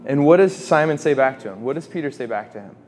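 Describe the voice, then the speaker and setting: A man's voice: medium pitch, lively intonation, a little mellow, slight background noise. Young man giving a casual faith talk. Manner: conversational, quick asides, acts out quotes. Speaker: campus ministry speaker. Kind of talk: informal faith talk to students.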